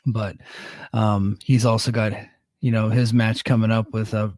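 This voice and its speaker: A man with a lowish voice talks through a wrestling show in loose, casual podcast chat. He rambles and corrects himself, filling gaps with ums. The sound is dry and close, with no room around it. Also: level tone, unhurried, a little mellow, no echo. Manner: rambling and self-correcting, with many ums and restarts. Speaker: podcast host.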